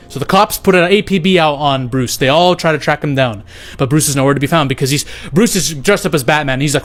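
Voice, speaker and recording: A young man with a slightly high voice runs through a speculative story in a loose, swearing, offhand way. He jumps in and out of paraphrased character lines as he goes. Faint music sits quietly beneath him. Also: fast. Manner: loose, profane, acts out quotes in paraphrase. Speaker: movie speculation YouTuber. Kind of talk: casual plot-theory retelling.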